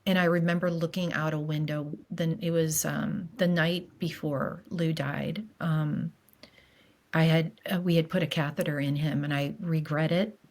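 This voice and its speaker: A middle-aged woman talks candidly about grief as a podcast guest. Her voice sits a little low, and she speaks in halting bursts full of fillers and restarts. She sounds earnest and emotionally open. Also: fairly even intonation.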